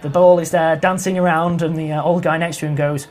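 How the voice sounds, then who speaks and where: A man's voice: on the high side, a little fast, few pauses, soft background music. Laid back guy running a tabletop game, rambly, lots of ums. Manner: relaxed, rambling, with fillers and laughs. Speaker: game master.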